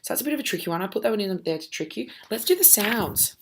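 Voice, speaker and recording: A woman teaching a recorded phonics lesson for children as a primary school teacher. She sounds out letters slowly and keeps checking in with the class. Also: mid-range voice, expressive, noisy background.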